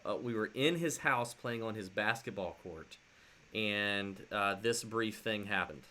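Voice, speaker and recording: A man co-hosting a casual sports podcast, telling animated stories with lots of fillers and restarts. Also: on the low side, measured pace, slight background noise. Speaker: podcast co-host.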